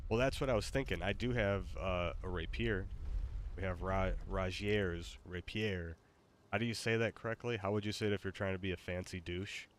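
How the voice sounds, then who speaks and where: A man's voice: low voice, fast talker, slight background noise. A man casually commenting while playing a game, rambling with fillers. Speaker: streamer.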